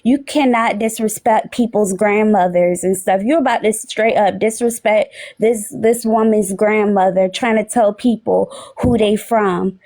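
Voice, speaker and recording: A woman's voice: medium pitch, steady tone, measured pace, few pauses, a little mellow. A woman from the United States, speaking directly and sassily as a panel speaker in a heated talk. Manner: sassy, direct. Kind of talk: heated casual chat.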